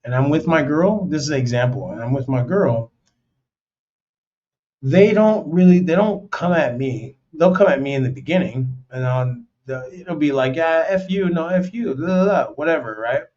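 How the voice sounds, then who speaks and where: With lively intonation and a somewhat mellow medium-pitched voice, an American host offers advice at normal speed in a loose, blunt monologue. He acts out quoted voices and uses lots of slang, "man," and "you know." The audio is dull and lo-fi.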